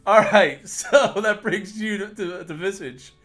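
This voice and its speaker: A man narrating as game master for a tabletop game on a livestream, quick and often laughing, with some stumbles. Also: sits high, a bit bright.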